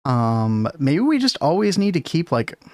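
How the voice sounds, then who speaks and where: A man's voice: on the high side, sing-song, measured pace, a little mellow, no room sound, clean studio sound. A man hosting a casual game stream, thinking aloud and chuckling often.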